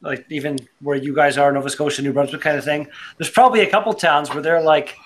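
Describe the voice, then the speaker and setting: A man's voice: fairly high pitch, fairly even intonation, fast, fairly bright tone, slight background noise. A man chatting casually in a rambling way, full of fillers, on an online video call. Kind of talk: casual chat.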